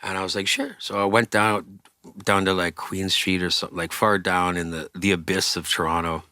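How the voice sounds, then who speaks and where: A man's voice: sits low, flat delivery, normal speed, bright, forceful tone, no echo, clean studio sound. A man, a singer and interview guest, telling a story casually, acting out quoted voices and swearing freely.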